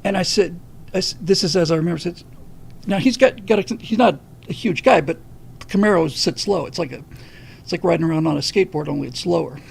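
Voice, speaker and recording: A man with a husky, gravelly voice pitched fairly high tells a personal story on his livestream. His delivery is animated and full of profanity. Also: quick pace. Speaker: livestream host.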